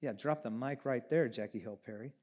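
A man preaching a sermon as pastor, animated, swinging from hushed lines to near shouting. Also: medium pitch, fairly quick.

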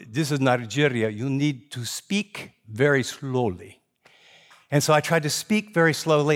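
Middle-aged guy pastor preaching, talks super fast, lively storytelling, kinda high voice. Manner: fast-talking, animated storyteller. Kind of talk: sermon.

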